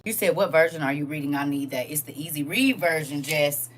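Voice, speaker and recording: A woman hosting a live-streamed Bible study, preaching in a lively, playful way and answering viewers' comments. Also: low-pitched, fairly quick, a little hiss or hum.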